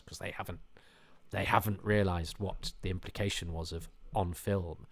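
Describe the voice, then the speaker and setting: A man hosting a podcast, giving rambling, self-deprecating commentary with animated asides. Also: on the low side, moderate pace. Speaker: podcast host. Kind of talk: casual commentary.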